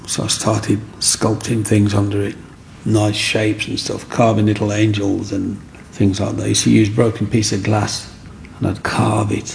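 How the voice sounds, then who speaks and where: A man's voice: lowish voice, gravelly, slight background noise. A middle-aged man, telling his own story in an interview and acting out what other people said.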